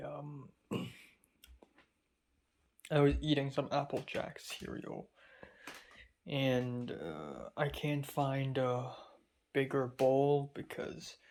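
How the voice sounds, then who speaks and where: A man's voice: medium pitch, darkish tone. A young man, a college student, talking through a casual spoken diary while feverish and dizzy, rambling with many fillers and restarts. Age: young adult. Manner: rambling and hesitant, full of fillers.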